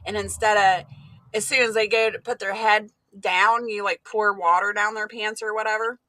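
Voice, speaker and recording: Woman, livestream host, playful joker, bright voice, dry close sound. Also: medium pitch, fairly even intonation, moderate pace, no echo. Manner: playful, joking. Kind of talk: casual livestream chat.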